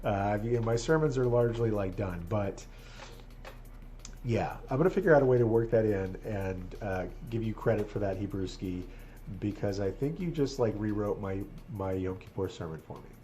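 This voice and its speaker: Rabbi guy streaming a game, mellow lowish voice, gets all choked up, laughs a lot. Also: moderate pace, faint music behind. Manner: earnest and moved, laughs often. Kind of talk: casual live-stream chat while gaming.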